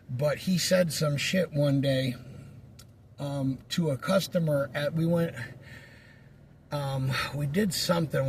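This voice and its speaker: A man's voice: mid-range voice, slight background noise. A man telling a rambling story in a casual, profane monologue. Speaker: vlogger.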